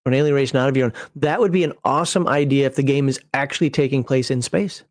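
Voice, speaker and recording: A man's voice: mid-range voice, quick pace, dry recording, clean studio sound. A man hosting a casual livestream as a game master, talking in a rambling, digressive way and chuckling at himself as he builds a character. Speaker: game master and channel host.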